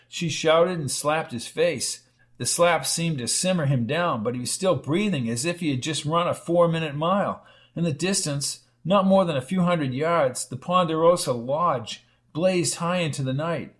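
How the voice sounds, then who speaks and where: A male audiobook narrator reads a dramatic science fiction story in a measured, steady way. His voice sits somewhat higher than usual for a man. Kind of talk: scripted narration.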